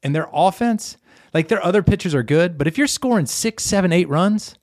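A man's voice: high-pitched, animated, a little fast, a little mellow, no room sound, studio quality. A middle-aged man co-hosting a podcast in a casual sports chat, opinionated and rambling, with restarts and hedges. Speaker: podcast co-host.

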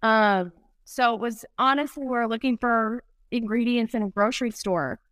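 A woman's voice: on the high side, normal speed, a bit bright, no echo. A woman founder of a barbecue brand, chatting casually in an interview and laughing often.

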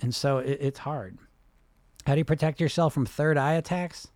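A man coaching on weight loss and hypnosis in a casual, animated talk, often swearing and asking "right?". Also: fairly high pitch, normal speed, no echo. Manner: animated, swears freely, many fillers like "right?".

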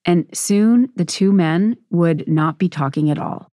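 A woman hosting and narrating a documentary in a measured, serious way. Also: fairly low pitch, dark tone, no echo. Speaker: podcast host and narrator.

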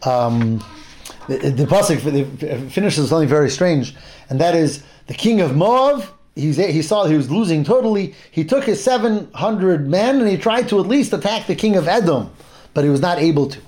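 This man's fairly high, darkish voice is expressive and moves at a moderate pace. Teaching a casual Torah class, he recounts a Bible story in everyday talk, stumbling through fillers and restarts while dramatizing what characters say.

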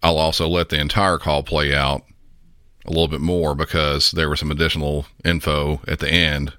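A man from the Southern United States hosting a podcast, talking in a measured, instructive way and putting questions to the listener. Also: a bass voice, flat delivery, pushed and bright, no echo, clean studio sound. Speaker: podcast host.

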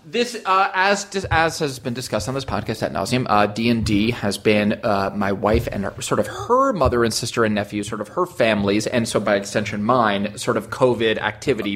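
A man's voice: medium pitch, expressive, moderate pace, hardly any pauses, a bit bright. A man co-hosting a podcast in casual chat, playful and rambling with fillers. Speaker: podcast co-host.

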